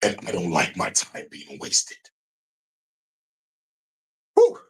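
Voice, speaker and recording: A man's voice: deep voice, huge pitch swings, slow pace. A man hosting a livestream in a rambling, profane, casual monologue, often breaking into laughs. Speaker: streamer host.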